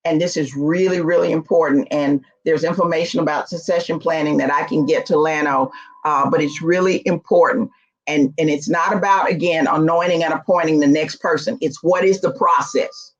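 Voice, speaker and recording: A woman giving a conference talk on nonprofit boards, telling stories in a lively, emphatic way. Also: sits low, moderate pace. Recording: dull lo-fi recording.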